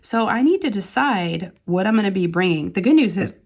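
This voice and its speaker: A mother who hosts a crafting channel chats casually while diamond painting, rambling and laughing easily between thoughts. Her voice is fairly high and expressive, at a normal speed.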